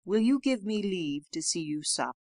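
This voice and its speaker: A woman reading aloud voices a gentle, melancholy male beast in a storybook, speaking humbly and with awkward politeness in a gruff voice. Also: medium pitch, animated, normal speed, dry recording, close to an everyday voice. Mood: humble.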